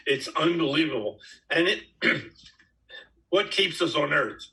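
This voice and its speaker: Forceful man in his nineties. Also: a little high, lively intonation, slow pace, gravelly, low-quality recording. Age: 90s. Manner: emphatic, folksy storyteller. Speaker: network marketing top earner speaking to his team. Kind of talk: storytelling answer to a question.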